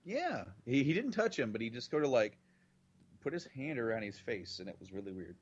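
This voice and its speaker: A man's voice: mid-range voice, sing-song, a little fast, slightly rough, dull audio. A man co-hosting a podcast in casual chat, rambling and circling back on his points. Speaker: podcast co-host.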